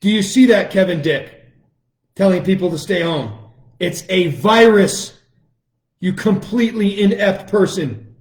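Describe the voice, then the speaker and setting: A middle-aged man talks in a fairly high register, hosting his own show. He rants in a heated, combative way, firing off taunting challenges and repeating them over and over. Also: expressive, measured pace, pauses often. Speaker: lawyer and online show host. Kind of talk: combative political monologue.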